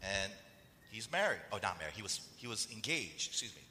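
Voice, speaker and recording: A man's voice: lowish voice, a little fast, in a large hall, a little hiss or hum. A man preaching a conversational sermon as pastor, telling stories and acting out the voices of the people in them. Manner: animated storytelling that acts out quoted voices.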